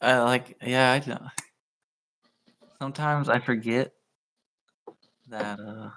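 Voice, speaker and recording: A man in a casual chat, drowsy and laid-back, who laughs softly as he talks. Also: medium pitch, fairly even intonation, slow, a little hiss or hum.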